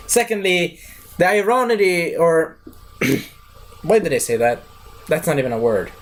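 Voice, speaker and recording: Young guy kinda high-voiced, rambling on casually about a show, jumping around. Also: measured pace, pauses often. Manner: loose, digressive, chatty. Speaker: video reviewer.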